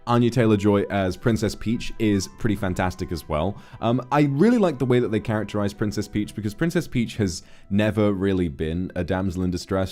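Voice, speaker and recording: A deep-voiced man talking through a film review on a livestream. He rambles with animated swings of energy, stopping to correct himself and restart his sentences. Soft music plays faintly underneath. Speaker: streamer host.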